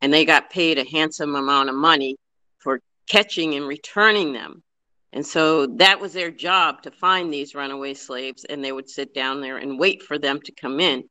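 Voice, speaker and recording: A man giving an earnest, fast-paced history talk, full of fillers and restarts. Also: on the high side, steady tone, pushed and bright, clear, resonant tone. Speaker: guest speaker on local history. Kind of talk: informal history talk with questions.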